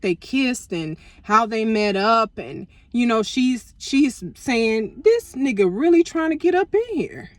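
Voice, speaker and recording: Animated, profane woman telling a story. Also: on the high side, no echo. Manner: animated, profane, lots of slang. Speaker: storytime vlogger. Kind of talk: casual storytelling.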